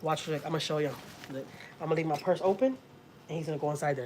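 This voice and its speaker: A woman's voice: quick pace, background noise. Blunt Southern woman chatting on a livestream. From Houston, Texas. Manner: blunt, salty, talks to her cat in a high baby voice. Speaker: vlogger. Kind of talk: casual livestream chat. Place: home, indoors.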